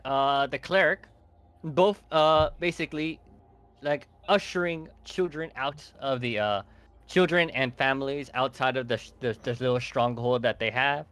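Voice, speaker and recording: A man narrating as dungeon master of a tabletop game, relaxed and loose, with lots of fillers. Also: on the high side.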